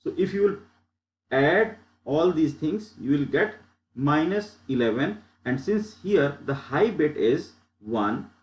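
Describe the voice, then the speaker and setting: A man's voice: on the high side, lively intonation, slow. Man explaining slides in an echoey room. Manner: step-by-step explaining, repeats phrases. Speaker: lecturer. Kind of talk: slide lecture.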